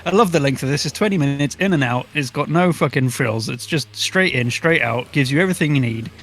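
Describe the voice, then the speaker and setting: A man's voice: mid-range voice, a little fast, a bit bright. A man co-hosting a casual album review podcast, joking crudely and laughing often.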